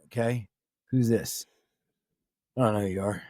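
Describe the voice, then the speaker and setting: Gruff storytelling veteran, swearing freely. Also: male voice, lowish voice, normal speed, a little mellow, dry recording. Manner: swears freely and acts out quoted voices. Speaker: podcast guest, military veteran. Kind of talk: casual storytelling chat.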